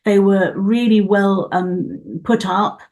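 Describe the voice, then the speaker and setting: A woman's voice: medium pitch, steady tone, slow, a little mellow. An older woman, a guest performer, gushing with effusive praise in a casual studio interview.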